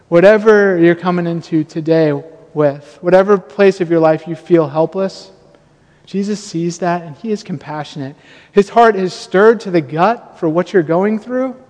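A man preaching a sermon, telling a personal story with self-deprecating humor and lively quoted asides. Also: high voice, normal speed. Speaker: pastor. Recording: long reverb of a church hall.

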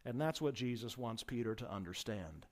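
A man preaching a sermon with emphatic delivery, swelling his voice for stress and dropping it low for asides. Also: expressive, moderate pace, a little mellow. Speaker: pastor.

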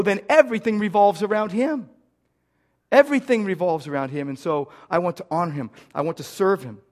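A middle-aged pastor from the United States preaching a sermon, earnestly repeating key phrases for emphasis. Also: male voice, on the high side, darkish tone.

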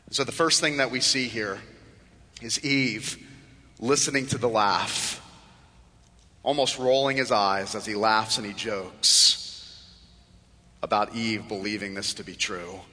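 A man preaching a sermon in a church. He acts out the tempter's mocking voice in low, hushed tones. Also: moderate pace. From South Florida. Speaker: pastor. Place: church sanctuary. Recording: reverberant church hall.

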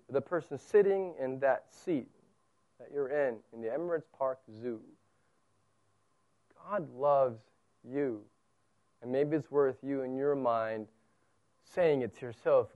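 A man's voice: medium pitch, darkish tone, highs cut off. A man preaching a sermon in an earnest way, explaining scripture plainly, with his voice swelling and dropping. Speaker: pastor. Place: church service held in a zoo venue.

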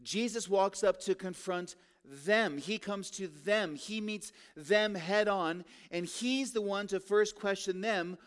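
A man preaching a sermon, asking rhetorical questions and drawing out key words for emphasis. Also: high voice. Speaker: pastor. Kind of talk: expository sermon.

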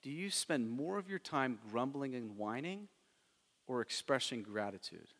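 A man's voice: medium pitch, animated, unhurried, a bit bright, big-room sound. A middle-aged man preaching a sermon as a pastor, talking conversationally with frequent rhetorical questions. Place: church sanctuary.

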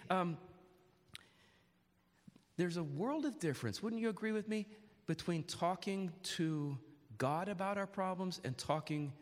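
Man, preacher, sermon, earnest, questioning, slightly high voice, long echoing hall. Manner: earnest, with many restarts and direct questions to the congregation.

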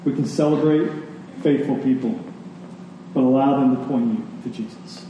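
A man's voice: mid-range voice, normal speed, dark tone, a little hiss or hum. A man preaching a sermon as a pastor, emphatic and rhythmic, leaning on key words. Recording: echoey hall, distant mic.

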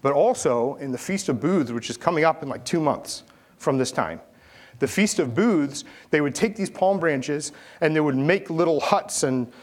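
A man preaching a sermon, telling stories with animated swings from loud calls to hushed asides. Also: on the high side, normal speed. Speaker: pastor.

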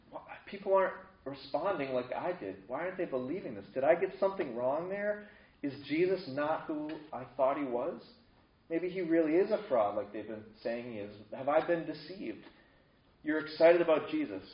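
A man preaching a sermon in an earnest, conversational way, building emphasis as he goes. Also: mid-range voice. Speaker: pastor. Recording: dull echoey room sound.

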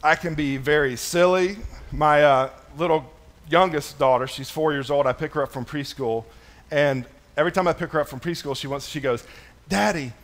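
A man in his thirties preaching a sermon as a pastor, casual and conversational, with many fillers, shifting between soft storytelling and louder emphatic stresses. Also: a little high, moderate pace. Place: church.

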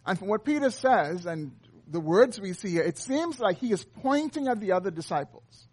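A man's voice: high-pitched, animated, moderate pace, few pauses, a little mellow, breathy edge. A man preaching an earnest expository sermon, reading and explaining scripture. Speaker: pastor.

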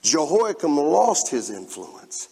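Reading scripture to his congregation, this preacher is very animated yet slow, his fairly high voice touched with vocal fry. He swells and drops in volume, calling out emphatic asides to the room, and the large church sanctuary lends a long reverb.

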